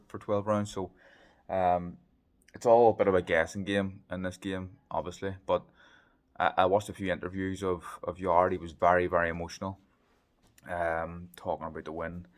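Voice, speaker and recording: A man giving a casual vlog recap of a boxing fight from a hotel room, chatty and thinking aloud with lots of ums. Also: deep voice. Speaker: boxing pundit.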